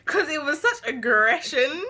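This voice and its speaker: Young girl, high bright voice, calmly defending herself. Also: measured pace. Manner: calm, reasoned, arguing her side. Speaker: daughter. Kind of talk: casual family vlog chat.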